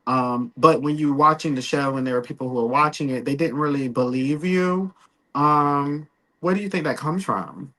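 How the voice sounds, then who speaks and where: A male interview host with a bright, sharp voice asks probing questions. He hesitates often and fills pauses with ums while he builds toward the point. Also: a little high, low-quality recording. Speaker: podcast co-host.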